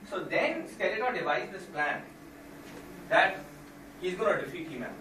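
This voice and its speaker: Male stand-up comic, animated delivery, distant mic, roomy sound. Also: high voice, normal speed. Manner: animated, jumps into loud impressions. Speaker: stand-up comedian. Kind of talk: stand-up comedy with impressions. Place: comedy venue with live audience. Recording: echoey room from far off with noise.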